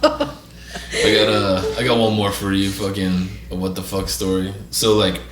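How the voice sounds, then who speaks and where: A man's voice: low-pitched, little pitch movement, a little slow, fairly bright tone. Rambling foul-mouthed man telling a story. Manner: profane, rambling, says "right?" often. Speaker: podcast host. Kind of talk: casual storytelling. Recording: echoey room with faint noise.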